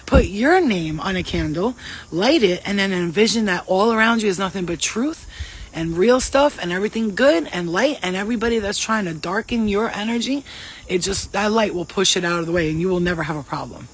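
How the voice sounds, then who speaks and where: A woman giving casual spiritual advice as a vlogger, blunt and profane, telling stories in an animated way. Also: mid-range voice, a little fast, breathy edge. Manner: blunt, profane, streetwise talk; animated storytelling.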